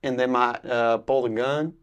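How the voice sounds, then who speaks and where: A man's voice: medium pitch, fairly even intonation, normal speed, clean tone, lo-fi sound, close to an everyday voice. A man doing a drawling Southern American man. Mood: warning. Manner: drawling, folksy, ungrammatical.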